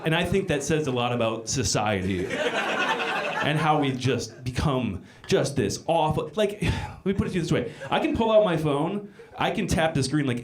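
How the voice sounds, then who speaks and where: A middle-aged man doing a live stand-up set in a small comedy club, talking with bursts of loud emphasis. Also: mid-range voice. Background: audience laughter.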